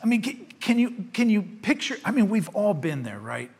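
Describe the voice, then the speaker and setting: A man's voice: high voice, very animated, moderate pace, slightly rough. A male pastor giving a sermon, earnest and conversational, rising to fervor when he reads scripture. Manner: conversational with fillers and repetitions. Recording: long hall reverb.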